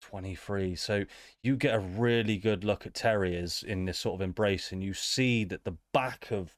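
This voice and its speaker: A man's voice: on the low side, moderate pace, no echo, clean studio sound. A man, narrating casually as game master of a tabletop game. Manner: casual, filler-heavy narration.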